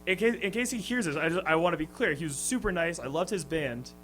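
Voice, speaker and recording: A man's voice: on the high side, lively intonation, quick pace, pushed and bright, a little hiss or hum, poor audio. A young man, a touring musician, telling stories in a casual radio interview, hesitant and laughing. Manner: hesitant, lots of fillers and restarts, laughing. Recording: radio studio with music underneath.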